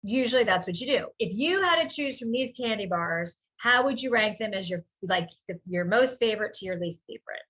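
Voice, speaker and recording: A woman who runs a small business, chatting casually on a group video call and telling a rambling, animated story. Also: mid-range voice, fairly quick, few pauses.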